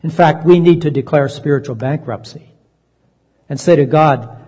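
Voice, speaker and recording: A man preaching a sermon in an earnest voice, slowing down to stress key phrases. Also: fairly high pitch, mellow, breathy edge. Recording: dull lo-fi sound, long reverb.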